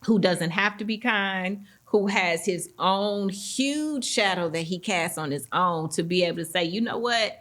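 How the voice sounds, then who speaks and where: A middle-aged woman hosting a podcast in casual chat, an animated storyteller who acts out the voices she quotes. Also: medium pitch, unhurried, hardly any pauses. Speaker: podcast host.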